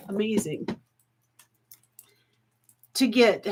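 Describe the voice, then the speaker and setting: A woman's voice: on the high side, takes it slowly, long pauses, fairly bright tone. A woman hosting a live jewelry auction stream, chatty and folksy, laughing often and getting emotional.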